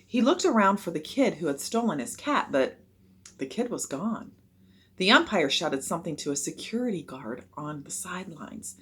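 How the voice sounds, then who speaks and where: A woman reading a children's chapter book aloud with expressive narration. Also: lowish voice, normal speed, a little hiss or hum.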